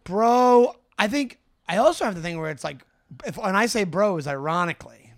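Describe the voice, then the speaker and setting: A man co-hosts a casual podcast in a rambling, filler-heavy way and laughs easily. His voice sits high, and the recording is close and dry with no room sound. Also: animated, moderate pace, no echo. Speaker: podcast co-host.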